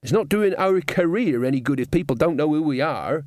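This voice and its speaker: A bossy young bandleader, as a man puts him on, pitched well above the reader's voice, sneering and self-important. The sound is dry and close, with no room around it. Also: expressive, a little fast, darkish tone, no echo, natural voice. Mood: snide. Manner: sneering, quoting his father.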